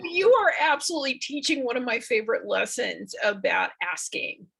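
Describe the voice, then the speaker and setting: A middle-aged woman hosts an interview, her bright voice husky and gravelly at the edges. She keeps her guest going with steady, encouraging replies, and the sound is lo-fi. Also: on the high side, a little fast. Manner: encouraging, frequent affirmations. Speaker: podcast host. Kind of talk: conversational interview.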